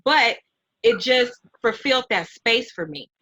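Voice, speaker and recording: A middle-aged woman hosting an interview, talking in a heartfelt, animated, mentoring way. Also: fairly high pitch, a little slow, noisy background. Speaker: host and nonprofit founder. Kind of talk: emotional casual interview.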